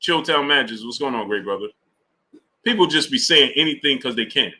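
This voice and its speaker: Animated, bright-voiced man hosting a live stream. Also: medium pitch, fairly quick. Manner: animated, talks to chat viewers by name. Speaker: sports live-stream host. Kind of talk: casual live-stream commentary.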